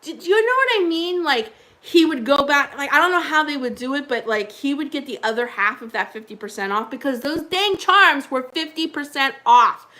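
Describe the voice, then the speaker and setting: A woman's voice: high voice, pushed and bright. A woman hosting a casual livestream, chatting with viewers in a rambling way and laughing often. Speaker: livestream host.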